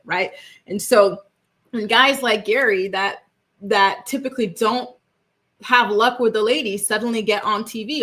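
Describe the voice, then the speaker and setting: A woman's voice: medium pitch, a bit bright. A young woman hosts a casual celebrity gossip livestream, talking straight to her viewers. She is chatty and emphatic and keeps asking "right?" as she reacts to chat comments.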